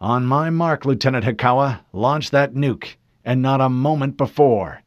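A man's voice: medium pitch, unhurried, no echo, dull audio, voice pushed up, natural voice. A man doing a stern starship commander. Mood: commanding. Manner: clipped, commanding orders. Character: stern male starship commander, calm under fire.

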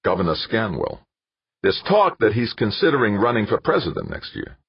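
Narrator doing a pushy, excitable PR man, pitched well above his own husky voice, lively swings, dull lo-fi sound. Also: moderate pace, no echo, heavily acted. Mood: eager. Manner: wheedling, insistent, excitable. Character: eager crafty male PR director. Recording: dull lo-fi dry recording.

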